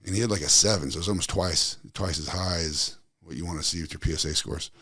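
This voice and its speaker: Blunt, low-voiced man talking casually. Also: fast, bright, forceful tone, breathy edge, no room sound, studio quality. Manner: blunt, profane, conversational. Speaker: wellness coach. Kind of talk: casual monologue.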